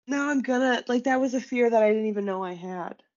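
A woman's voice: on the high side, fairly quick. A young woman co-hosting a podcast in casual chat, telling stories animatedly with lots of fillers. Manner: chatty, animated storytelling with many fillers. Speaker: podcast co-host. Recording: slightly dull lo-fi podcast audio.

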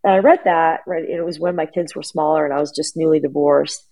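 A woman's voice: sits low, steady tone, fast, warm tone, rough recording. A middle-aged woman chatting casually as a guest, telling a long family story with lots of restarts and fillers. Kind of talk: casual chat.

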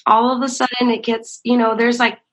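Animated high-voiced young woman storyteller. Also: fairly quick, poor audio. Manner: animated, acts out quotes in a raised voice, laughs often. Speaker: ministry worker, guest. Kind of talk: casual chat, storytelling.

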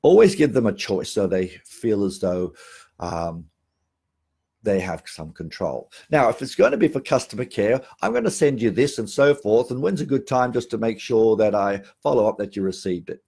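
A man's voice: fairly low pitch, lively intonation, moderate pace, gravelly, dark tone, husky. A middle-aged Australian man giving a sales training talk on phone calls, emphatic, repeating key phrases and often restarting sentences.

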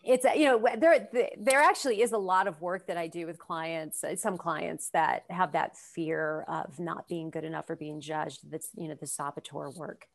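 Thoughtful, low-voiced woman coach. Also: steady tone, normal speed, creaky, few pauses. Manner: thoughtful and encouraging. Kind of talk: casual conversation.

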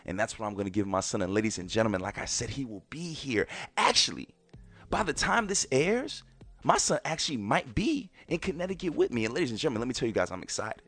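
A man's voice: medium pitch, sing-song, quick pace. A man in his thirties hosting a podcast, talking casually and emphatically to his listeners and repeating his phrases for effect. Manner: emphatic and repetitive, often addressing ladies and gentlemen. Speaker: podcast host.

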